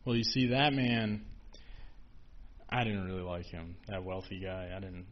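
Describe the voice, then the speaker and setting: A man voicing a calm, knowing holy man who explains himself in an easygoing, matter-of-fact way. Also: deep voice, unhurried. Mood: breezy. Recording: dull lo-fi with faint hiss.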